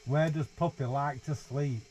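A man's voice: a little high, fairly even intonation, measured pace, a little mellow, slight background noise, rough recording. A young man, reading a picture book aloud to his baby in playful sing-song baby talk, inside a small caravan. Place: small holiday caravan, indoors. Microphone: 360 VR camera nearby.

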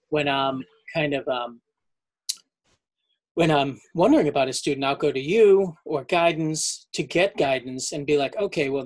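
A man, a teacher, interviewing a colleague in a relaxed, casual way with lots of fillers. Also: medium pitch.

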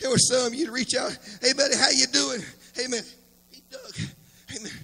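A man preaching a Pentecostal sermon as pastor, shouting in a chanting cadence and punctuating his lines with amens. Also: very high voice, fairly even intonation, fairly quick, slightly rough. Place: church sanctuary. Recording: echoey church hall with music.

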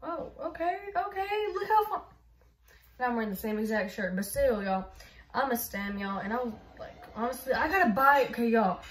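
Woman, casual vlog, rambling and chatty, slightly high voice, echoey room. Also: fairly quick, far from the mic, a little hiss or hum. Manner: chatty and rambling, full of "like" and "y'all". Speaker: YouTuber. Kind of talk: casual vlog phone walkthrough. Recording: roomy echo.

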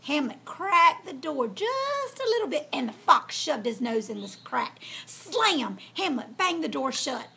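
A woman hosting a storytime, reading a children's tale aloud in a folksy, lively way. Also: high voice, unhurried, gravelly, few pauses. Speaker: storyteller host.

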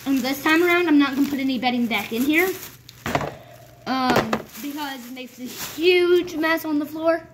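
A woman's voice: high-pitched, normal speed. Chatty young woman, noisy room. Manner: chatty, rambling, scolds her pets playfully. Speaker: vlogger. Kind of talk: casual vlog chat while cleaning a rabbit cage. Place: home room with rabbit cage. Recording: loud background noise.

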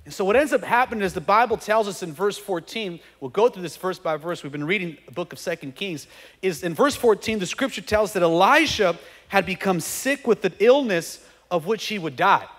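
A man preaching a sermon as pastor, energetic and conversational, with joking asides and frequent checks like "okay?". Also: high voice, brisk. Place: church sanctuary. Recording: long hall reverb.

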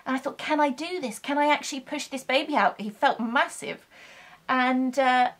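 Earnest woman with a higher voice. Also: moderate pace. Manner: earnest, gentle, spiritual. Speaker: vlogger telling her birth story. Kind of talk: heartfelt personal storytelling.

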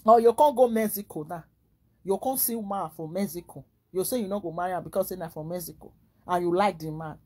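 A woman with a Nigerian Pidgin English accent delivers a rambling, animated casual monologue full of rhetorical questions. Her voice is fairly low-pitched and a bit breathy, and she speaks quickly.

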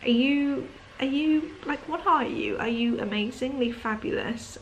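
A woman's voice: on the high side, moderate pace, hardly any pauses, highs cut off, slight background noise. A woman talking casually to her camera at home in the evening, sleepy and yawning, rambling with lots of fillers and apologies. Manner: rambling, chatty, apologetic, many "um"s and "like"s. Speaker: vlogger.

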